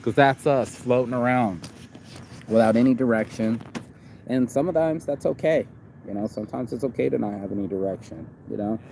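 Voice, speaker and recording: A man's voice: medium pitch, moderate pace, creaky, mellow, a little hiss or hum. A man in his forties talking outdoors in a rambling, reflective vlog, with lots of "you know". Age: 40s. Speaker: vlogger. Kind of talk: casual outdoor vlog monologue. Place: outdoors on a campus.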